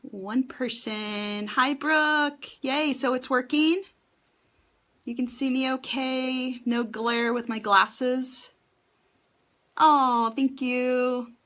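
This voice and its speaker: A woman chatting on her first live video, greeting viewers one by one with plenty of ums and a slightly nervous energy. Her voice sits fairly high and her pace is slow and unhurried. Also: steady tone. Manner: chatty, warm greetings to viewers, filler-heavy. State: a little nervous. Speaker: essential oils class host. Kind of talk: first live-stream chat.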